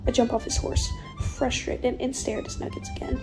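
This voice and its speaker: A young woman in her twenties, telling a comic story in a giggly, profane, animated way. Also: fairly high pitch, a little fast, hardly any pauses, over music. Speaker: vlogger.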